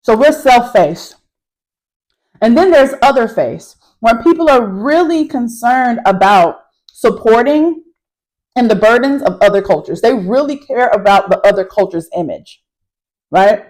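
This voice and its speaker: A woman's voice: on the high side, measured pace, poor audio. A woman college instructor talking casually to camera from a car, recapping a class and calling her viewers y'all. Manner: addresses viewers as y'all, emphatic and animated. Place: in a parked car.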